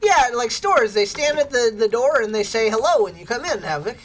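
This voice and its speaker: A woman's voice: fairly high pitch, very animated, a little fast. A woman streaming a game, chatting casually and bubbly with her viewers and laughing often. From United States. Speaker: livestreamer. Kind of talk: casual chat with viewers while gaming.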